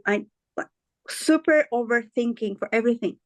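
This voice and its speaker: An earnest woman talks openly as an interview guest. She speaks haltingly, pausing to search for the right words. Her voice sounds dry and close, with no room ring. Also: on the high side, no echo. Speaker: guest sharing her story. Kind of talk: candid conversational interview.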